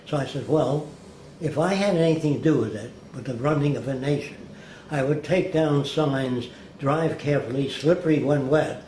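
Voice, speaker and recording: A man's voice: medium pitch, normal speed, darkish tone. An older man tells rambling stories in an interview and slips into the voices of people he quotes. His voice carries a roomy echo, and a faint hiss sits underneath. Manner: rambling anecdotal storyteller, acts out quoted people. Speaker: interview guest. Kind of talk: storytelling in an interview.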